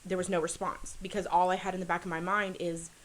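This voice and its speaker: A woman telling a personal story as a podcast guest, earnest and halting, with many fillers and restarts. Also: on the low side, little pitch movement, a little hiss or hum, low-quality recording. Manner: earnest, confessional.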